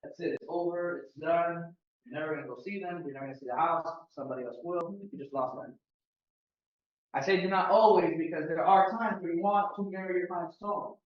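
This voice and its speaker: Male trainer from Miami, high voice, casual and animated, recorded far off in an echoey room. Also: brisk. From Miami, United States. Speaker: real estate sales trainer. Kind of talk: team training talk. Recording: roomy, distant, dull meeting-room audio.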